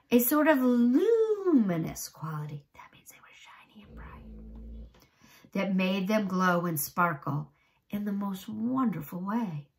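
Slow, expressive woman teacher reading aloud. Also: medium pitch. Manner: slow, expressive storytelling, then chatty questions to pupils. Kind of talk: reading a chapter book aloud to children.

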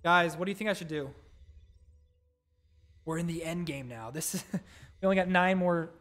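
A man streaming live gameplay, reading out game text and reacting excitably to each summon, pleading and groaning at bad luck. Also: a little high, normal speed, soft background music. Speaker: gaming streamer.

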